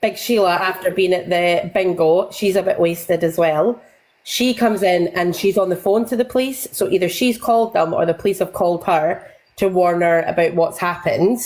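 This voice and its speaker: A woman's voice: fairly low pitch, fairly even intonation, darkish tone, low-quality recording. A woman recapping online drama in a rambling, casual way, swearing freely and acting out what others said. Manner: acts out other people's lines in quick bursts. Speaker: livestream guest recapping drama.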